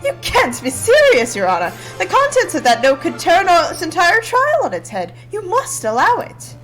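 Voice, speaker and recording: Haughty male bird prosecutor for a game, read by a woman; high, lively, condescending. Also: moderate pace, faint music behind, full character voice. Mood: insistent. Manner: smug and formal, lecturing. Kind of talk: reading game dialogue aloud.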